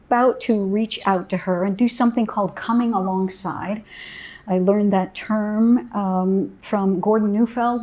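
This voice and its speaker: A woman parent educator telling a story to parents in a gentle, soothing way, with soft pauses. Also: mid-range voice.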